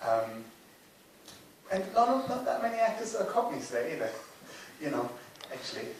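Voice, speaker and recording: A man's voice: a little high, sing-song, moderate pace. A man, a film director, answering audience questions in a rambling way with many ums and little chuckles. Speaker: film director, festival guest. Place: cinema hall. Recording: echoey hall recording from far off, hiss.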